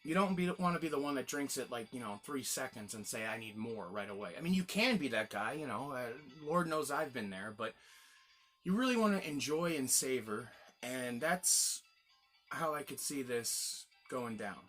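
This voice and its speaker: A man's voice: mid-range voice, lively intonation, normal speed, fairly bright tone, faint music behind. A man hosting a casual gin tasting review, chatty and rambling, exclaiming as he tastes.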